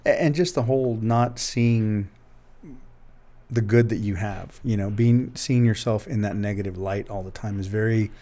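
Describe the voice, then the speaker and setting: A man's voice: lowish voice, normal speed, mellow. A man hosting an interview podcast, rambling and restarting his sentences as he chats. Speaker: podcast host. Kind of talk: casual interview chat.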